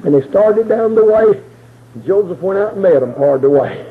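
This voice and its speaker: A man preaching a sermon as he tells a story, swinging between shouted, crying cries and low murmurs. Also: animated, moderate pace. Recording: tinny phone-line sound with faint hiss.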